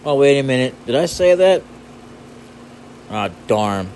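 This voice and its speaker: A goofy man in casual gameplay commentary, rambling to himself and humming bits of nonsense. He talks slowly and takes his time, with a faint hum of air conditioning behind him. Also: mid-range voice, animated, darkish tone. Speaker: gaming channel host.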